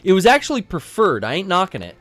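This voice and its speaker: A man's voice: high voice, huge pitch swings, fast talker, fairly bright tone. A man in his thirties co-hosting a game stream, telling a casual, profane, rambling story. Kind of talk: casual storytelling over gameplay.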